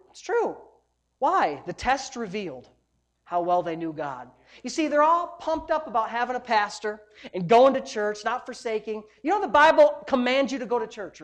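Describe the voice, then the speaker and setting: A woman pastor delivers a sermon with a somewhat high voice. She preaches emphatically, pressing her points home with rhetorical questions to the congregation.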